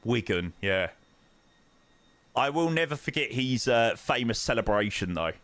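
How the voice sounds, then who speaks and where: A young man chats through a flight-sim stream with a lively, bouncing pitch and an unhurried pace. He slips in slangy banter as he reads chat and plans the next leg. His voice sounds dry and close, with no room around it. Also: dry recording. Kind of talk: casual live-stream chat.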